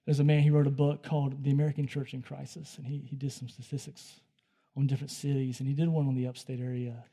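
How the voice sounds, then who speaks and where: This preacher talks fast, telling a sermon story in a conversational manner that rises from hushed quiet into loud excitement and back. His pitch is medium.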